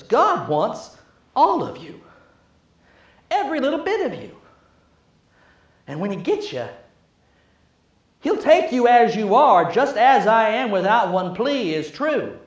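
A man preaching a sermon, emphatic and building through repetition, then dropping to a hush. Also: high voice. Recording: echoey room.

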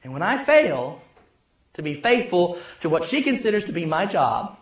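A man preaching a sermon as pastor, telling stories and swinging between loud and hushed delivery. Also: high voice, sing-song, normal speed. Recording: echoey room.

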